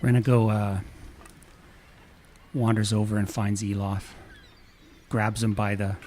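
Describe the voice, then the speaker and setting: Low-voiced man narrating his character. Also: level tone, measured pace, a little mellow, slight background noise. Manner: describes his character's actions in third person. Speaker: player. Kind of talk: casual role-play narration.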